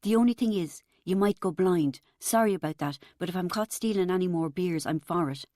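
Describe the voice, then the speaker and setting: A woman's voice: fairly low pitch, fairly quick, mellow, dry recording, clean studio sound, natural voice. A woman reading an audiobook, voicing a brash, sarcastic young waitress with a blunt, bossy manner. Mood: sardonic. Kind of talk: audiobook character voice.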